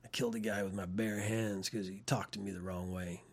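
A man voicing a hardened male convict with a Midwestern accent, low and muttered. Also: little pitch movement, a little fast, slightly rough. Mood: boastful.

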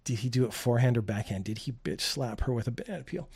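A man's voice: mid-range voice, fast, darkish tone, breathy edge. Wry middle-aged man riffing on news. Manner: wry, sarcastic, chuckles at own jokes. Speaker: news show host. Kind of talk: comedic news commentary.

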